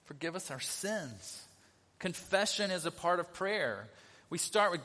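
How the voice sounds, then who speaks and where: A man's voice: sits high, big pitch swings, a little slow, bright, forceful tone. A middle-aged male pastor giving a conversational sermon, often asking the congregation questions. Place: church sanctuary. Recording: long reverb of a church hall.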